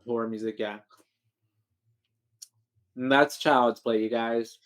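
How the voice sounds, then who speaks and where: Laid-back man podcaster, halting. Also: medium pitch, steady tone. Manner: laid-back, hesitant, frequent fillers. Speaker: podcast co-host. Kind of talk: casual movie recap chat.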